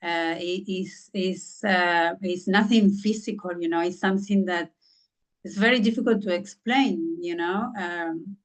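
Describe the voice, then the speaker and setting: A woman's voice: lowish voice, a little slow. A woman who is a podcast guest, earnestly telling a personal story and often searching for words with frequent "you know.". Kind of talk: personal story in a conversational interview. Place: lives in southern England.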